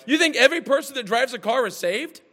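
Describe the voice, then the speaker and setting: A man preaching with a high voice that leaps all over its range. He drives his points home with rhetorical questions and quick asides. His voice rings out with a long hall reverb. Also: lively intonation, bright, forceful tone. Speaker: pastor. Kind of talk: sermon.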